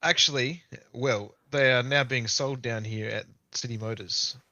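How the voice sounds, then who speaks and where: A man's voice: medium pitch, fairly even intonation, a little slow, bright, forceful tone, dry recording, highs cut off. A man on a casual podcast, bantering dryly and playfully. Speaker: podcast regular. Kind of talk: casual chat.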